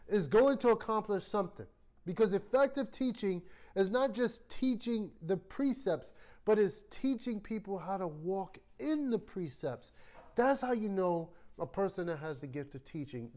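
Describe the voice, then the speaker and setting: A man preaching a sermon as a Bible study teacher, telling stories with lively acted-out quotes. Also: high-pitched. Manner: animated storytelling, acts out quoted voices. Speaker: pastor.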